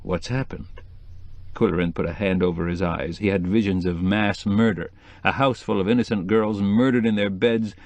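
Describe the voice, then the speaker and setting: A man reading a mystery novel aloud as audiobook narrator, expressive storytelling. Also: lowish voice, brisk, no room sound. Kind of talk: scripted narration.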